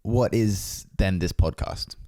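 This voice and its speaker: A young man with a very deep voice, talking in loose, halting sentences that restart again and again. He laughs easily between thoughts. The recording is dry and close. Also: dark tone, no room sound. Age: young adult. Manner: rambling, hesitant, many restarts, quick laughs. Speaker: podcast co-host. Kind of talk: casual chat.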